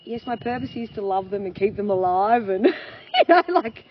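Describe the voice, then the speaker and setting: A woman, a farmer and mother speaking candidly as an interview guest, animated and laughing often as she acts out quoted voices. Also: medium pitch, moderate pace, husky. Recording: dull lo-fi sound with faint noise.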